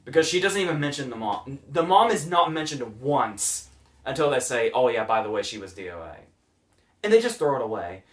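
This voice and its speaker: A man's voice: mid-range voice, big pitch swings, fairly quick, a bit bright, recorded from a distance. A man hosting a casual movie review podcast, sarcastic and mocking scenes as he retells them.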